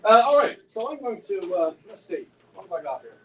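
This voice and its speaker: A singer-songwriter with a Newfoundland accent tells a rambling, self-mocking story at a pub, full of restarts and dry humor. His voice is high, very animated and fairly quick, with the highs cut off. The pub room echoes, the mic is distant, and there's faint noise.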